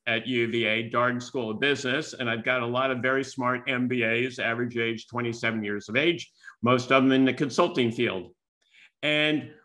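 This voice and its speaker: Bright-voiced older man telling stories. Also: mid-range voice. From United States. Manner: animated storyteller acting out quoted dialogue. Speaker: keynote speaker and business school teacher. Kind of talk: storytelling talk.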